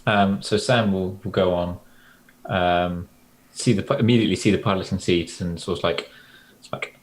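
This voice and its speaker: A man with a fairly low voice rambles playfully through his character's actions at a tabletop game, full of fillers and asides. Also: fairly even intonation, normal speed, poor audio. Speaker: player. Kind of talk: casual tabletop role-play.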